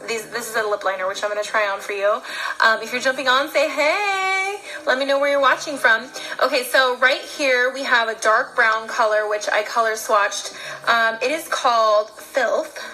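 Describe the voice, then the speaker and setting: A woman's voice: on the high side, moderate pace, bright, forceful tone, rough recording. A young woman chatting casually through a makeup unboxing, bubbly and gushing about each product. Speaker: beauty vlogger.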